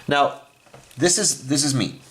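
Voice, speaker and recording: A man's voice: on the high side, a little slow, fairly bright tone. A man teaching a recorded math lesson, explaining each step as he writes and often stopping to correct himself. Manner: explains step by step while writing on a board.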